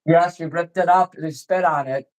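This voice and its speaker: Angry guy ranting and cussing, kinda high voice, keeps going over the other guy. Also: moderate pace, low-quality recording. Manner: angry, profane, repeats himself, talks over the other speaker. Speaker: artist ranting on a call-in show. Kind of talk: agitated rambling rant.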